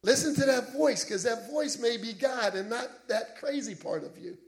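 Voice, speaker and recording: A man preaching a sermon to a congregation, animated and conversational, laughing at his own asides and calling for amens. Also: very high-pitched, moderate pace, gravelly.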